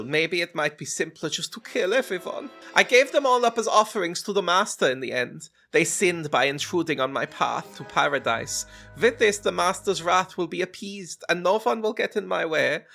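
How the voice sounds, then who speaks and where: A man's voice: sits high, vocal fry, bright, forceful tone, voice pushed up, heavily acted. A man voicing a camp, death-obsessed archaeologist from a game's diary, in an exaggerated mock German accent, with a theatrical manner. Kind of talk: dramatic reading of in-game diary.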